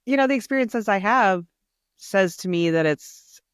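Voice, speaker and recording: A woman's voice: medium pitch, lively intonation, moderate pace, clean tone, dry recording, clean studio sound. A woman hosting a podcast in casual chat, reflective and thinking aloud with plenty of hedging fillers. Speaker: podcast host.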